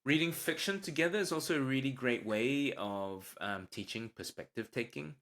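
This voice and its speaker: A man hosting a solo parenting podcast, calmly explaining tips and acting out sample lines a parent might say. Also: mid-range voice, moderate pace. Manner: calm, explanatory, acts out parent lines with a livelier voice. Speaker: podcast host, parenting doctor.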